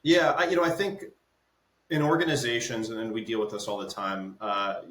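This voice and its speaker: A man's voice: mid-range voice, fairly bright tone. A male business consultant as an interview guest, explaining through stories and checking in with "right?". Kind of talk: conversational interview. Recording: roomy echo.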